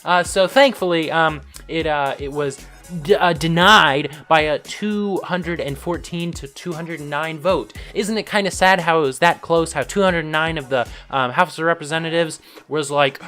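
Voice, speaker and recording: A young man hosting a casual news commentary vlog, animated and ranting, with frequent fillers. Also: on the high side, moderate pace, soft background music. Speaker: host.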